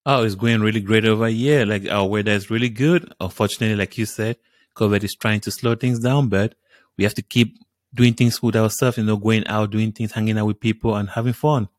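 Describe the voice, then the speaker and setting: A man's voice: lowish voice, fairly even intonation, a little fast, no room sound, clean studio sound. A man with a French accent co-hosting a casual podcast, easygoing and upbeat. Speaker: podcast co-host.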